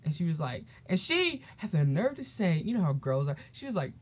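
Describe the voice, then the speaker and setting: On his solo podcast, a teenage boy rambles through a story in a slightly high, husky male voice, talking a bit fast. He's loose and chatty, with lots of fillers and false starts, and now and then he imitates the people involved.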